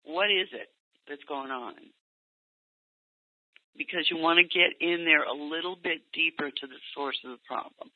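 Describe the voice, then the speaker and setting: A man coaching parents on a call, speaking gently and acting out what parents and teens might say. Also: on the high side, moderate pace, long pauses. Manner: gentle, acts out parent and teen lines in quotes. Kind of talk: coaching session over a call. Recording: tinny phone line, dry.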